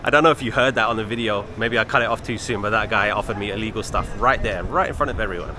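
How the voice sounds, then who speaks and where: A man's voice: on the low side, quick pace, crowd noise. A young man casually narrating a travel vlog outdoors as he walks, chatty and easygoing, talking straight to his viewers. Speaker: travel vlogger. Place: outdoors on city streets. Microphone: handheld camera while walking. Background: faint street and traffic noise.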